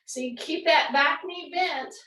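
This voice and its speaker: A woman's voice: high-pitched, a little slow, sharp tone, distant mic, slight background noise. A woman fitness instructor, coaching a class through exercises and repeating cues. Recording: echoey room, away from the mic.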